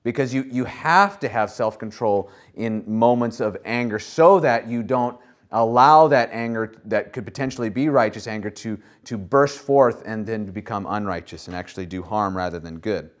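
A man preaching a sermon in a conversational way, pausing on fillers and restarting his phrases as he reads and explains scripture. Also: lowish voice. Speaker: pastor.

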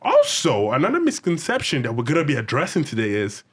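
A young man from Nigeria chatting casually as co-host, lively and playful. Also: mid-range voice, quick pace, breathy edge. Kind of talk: casual chat.

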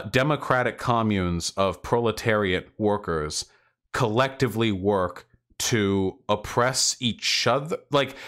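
A man with a somewhat low voice hosts a reaction commentary, picking apart clips. His delivery is sarcastic and mocking, full of dry asides. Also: fairly bright tone. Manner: sarcastic, rebutting. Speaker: commentary video host.

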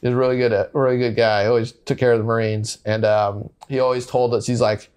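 A man, a guest on a podcast, telling his story in a relaxed, laid-back way with frequent laughs and fillers. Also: medium pitch, quick pace, hardly any pauses. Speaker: podcast guest, Marine veteran. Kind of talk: casual storytelling chat.

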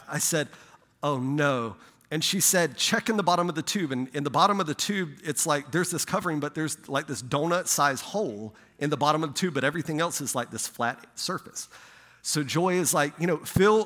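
A man preaching as a pastor, telling a lively personal story in a sermon, growing loud and excited. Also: on the high side, in a large hall. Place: church sanctuary.

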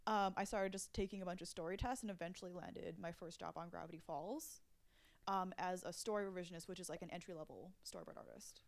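A woman's voice: lowish voice, fast, gravelly. A young adult woman, a storyboard artist, chatting casually in an interview, with many fillers and frequent laughs.

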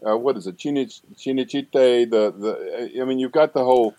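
A man's voice: mid-range voice, a little fast, warm tone, no room sound, dull audio. An older man, a seminary professor, talking in a rambling conversational interview with frequent restarts and asides.

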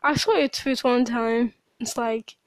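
Woman podcast host, upset after crying, venting in a fairly high voice with broken sentences, dry close mic. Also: steady tone, measured pace, smooth, no room sound. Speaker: podcast host and small business owner. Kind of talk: personal diary podcast monologue.

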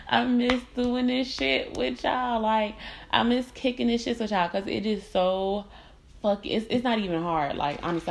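A woman's voice: low-pitched, slight background noise. A young adult woman hosting her own podcast, telling candid, profane stories in casual chat and acting out the people she quotes. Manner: candid, profane, animated storytelling with quoted voices. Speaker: podcast host. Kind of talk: casual storytelling monologue.

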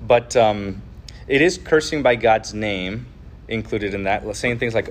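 A man's voice: lowish voice, unhurried, slight background noise. A man hosting a podcast, giving an earnest, casual religious teaching full of fillers and restarts. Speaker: podcast host teaching on the Ten Commandments.

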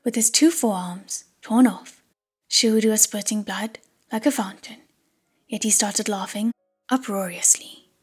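A woman's voice: mid-range voice, unhurried, faint music behind. A woman narrating an audiobook chapter in a whispered role-play. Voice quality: breathy whisper.

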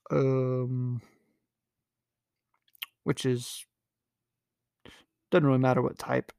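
A man's voice: mid-range voice, gravelly, a little mellow, no echo, clean studio sound. A young man hosting a podcast, casually recapping a novel in a rambling, amused way with lots of fillers. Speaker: podcast host. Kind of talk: casual book recap with readings.

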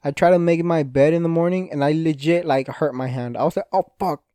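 A man's voice: on the high side, steady tone, brisk, warm tone, clean tone, dry recording, clean studio sound. Rambling, swearing young man. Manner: rambling, frequent swearing, self-interrupting. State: injured hand, restless. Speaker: podcast host. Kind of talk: casual solo podcast monologue.

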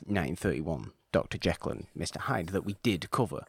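A man's voice: low-pitched, expressive, brisk, creaky, husky. A man hosting a casual podcast chat, talking with enthusiasm and rambling, often repeating words. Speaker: podcast host.

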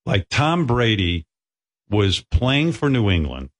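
A man's voice: fairly low pitch, big pitch swings, slow pace. Middle-aged guy hosting radio, swoopy voice, rambly and swears a lot. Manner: rambling, profane, self-mocking storytelling. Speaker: radio show host. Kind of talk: casual studio banter. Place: radio studio.

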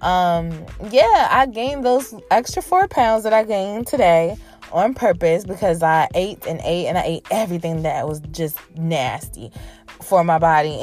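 Woman, podcast host, brash, animated, faint music underneath. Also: lowish voice. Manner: brash, profane and animated, talking straight to listeners. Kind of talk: casual solo podcast chat.

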